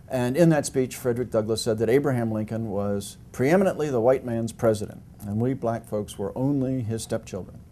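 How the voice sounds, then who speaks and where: A man's voice: medium pitch, brisk, hardly any pauses, dark tone, slight background noise. An older man, a historian guest, answering interview questions at length with frequent fillers, restarts and dry humor.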